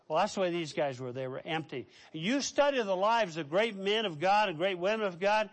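High-voiced emphatic male preacher. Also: animated, brisk, few pauses. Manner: swings from loud preaching to soft asides; emphatic word lists, direct questions to the congregation. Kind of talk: sermon.

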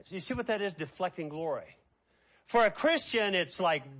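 A man preaching a sermon as pastor, stretching key words out slowly, then dropping to quiet, quick asides. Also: a little high, animated. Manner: preaching with slow drawn-out emphasis and sudden quiet asides.

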